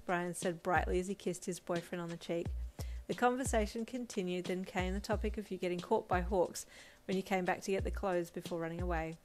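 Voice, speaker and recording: A woman with a lowish voice narrates a second-person fan story, calm and even. Faint lo-fi drum music plays under her. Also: fairly quick. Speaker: fanfiction reader.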